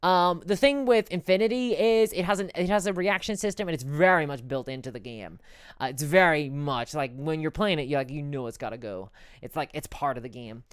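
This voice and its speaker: A woman's voice: sits low, brisk, clear, resonant tone, dry recording, clean studio sound. A woman chatting casually on a live stream, reading out and answering chat messages, rambling and stumbling over her words.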